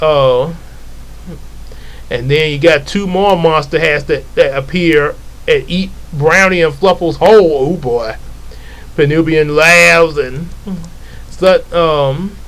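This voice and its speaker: A man's voice: fairly high pitch, a bit bright, poor audio. Chatty man retelling a comic. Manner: rambling asides, chuckling, self-correcting. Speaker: comic book author. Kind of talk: casual storytelling of a comic.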